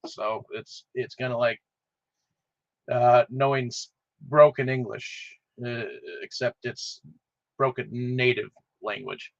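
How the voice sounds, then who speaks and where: A man hosting a casual film discussion, retelling the plot in a halting way with constant "uh" fillers. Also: medium pitch, steady tone, creaky, no echo, highs cut off. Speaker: podcast host.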